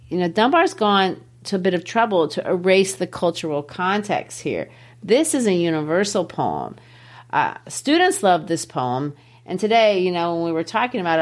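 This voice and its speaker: A woman literature teacher hosting a podcast, explaining a poem in a lively, teacherly way with emphatic asides. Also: lowish voice.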